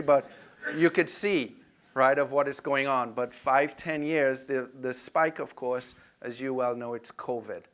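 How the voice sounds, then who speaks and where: A man's voice: medium pitch, fairly bright tone. Man presenting club finances conversationally. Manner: conversational, frequent "if you will".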